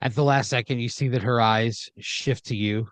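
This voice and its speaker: A man's voice: mid-range voice, fairly even intonation, moderate pace, no echo. A man improvising a second-person story as a podcast storyteller, rambling with uhs and restarts.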